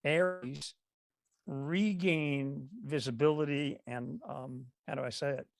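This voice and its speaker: An older man speaks over a video call in a gravelly, fry-laden voice. He sounds dry and close, with no room around him. He muses slowly and rambles between pauses. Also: fairly high pitch, steady tone, no room sound. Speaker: call participant. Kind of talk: Zoom meeting comment.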